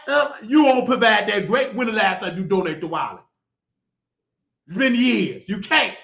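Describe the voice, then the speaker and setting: Talk host, middle-aged man, preachy mocking rant, sharp high voice. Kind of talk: ranting monologue. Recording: echoey lo-fi room sound.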